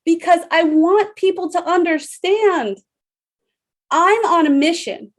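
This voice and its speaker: Earnest, slow-speaking woman with high pitch. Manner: earnest and emphatic, with dramatic pauses. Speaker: leadership speaker. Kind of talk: motivational talk to an online audience.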